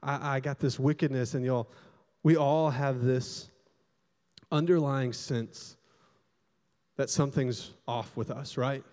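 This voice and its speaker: A young adult man preaching a sermon as pastor, telling stories animatedly and swinging between loud bursts and hushed, quiet stretches. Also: medium pitch, steady tone, takes it slowly, long pauses. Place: church hall. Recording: long hall reverb.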